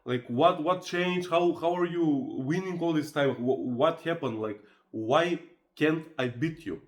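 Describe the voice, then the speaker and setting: A man's voice: on the high side, measured pace, echoey room, natural voice. A man quoting an exasperated young woman. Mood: incredulous. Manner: incredulous, repeated questions.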